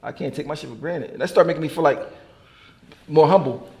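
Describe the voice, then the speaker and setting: Fast-talking high-voiced man telling stories. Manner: rapid, animated, profane, laughs while telling stories. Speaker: artist being interviewed. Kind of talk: casual storytelling chat.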